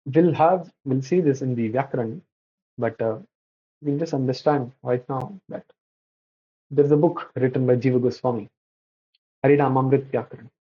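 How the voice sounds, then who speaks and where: Halting man lecturing on scripture, lo-fi. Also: medium pitch, mellow, husky. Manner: halting, many restarts and self-corrections. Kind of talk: slide-based religious lecture. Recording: dull lo-fi recording.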